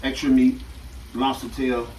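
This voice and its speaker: Man, laid-back cooking chatter, mic set back from him, loud pan sizzle. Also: mid-range voice, measured pace, echoey room, far from the mic, slight background noise. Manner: chatty and relaxed, repeats himself often. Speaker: home cook and channel host. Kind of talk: casual cooking demonstration. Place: home kitchen at the stove.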